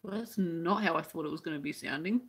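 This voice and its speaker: A woman's voice: lowish voice, fast, husky. An Australian woman who teaches crochet, chatting casually on a live stream as she reads out viewer comments, rambling with many restarts.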